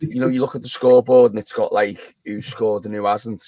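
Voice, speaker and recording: A man's voice: mid-range voice, steady tone, fast talker, few pauses, a little mellow, dry recording. A man, co-hosting a podcast over a remote call, telling a long, rambling story with frequent restarts. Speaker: podcast co-host. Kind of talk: casual chat.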